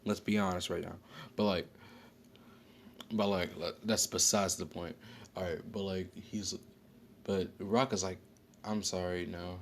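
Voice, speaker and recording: Casual storyteller, male, low voice, loose and rambling, slangy, faint background hiss. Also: fairly even intonation, a little slow, long pauses. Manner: rambling, slangy, frequent self-corrections and fillers.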